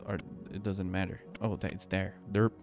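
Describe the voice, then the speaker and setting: A man's voice: sits low, level tone, normal speed. A man from Brazil, sleepily rambling through casual gameplay stream commentary and cutting himself off mid-sentence. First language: Portuguese. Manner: rambling, self-interrupting, chatty. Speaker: game streamer. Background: faint game music.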